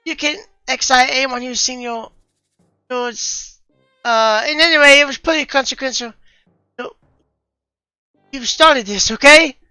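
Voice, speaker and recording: Bright, expressive woman reading game lines. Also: high voice, clear, resonant tone, dry recording, soft background music. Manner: lively, expressive, quick to exasperation. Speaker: player reading a visual novel aloud. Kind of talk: voicing game dialogue. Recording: dull lo-fi recording.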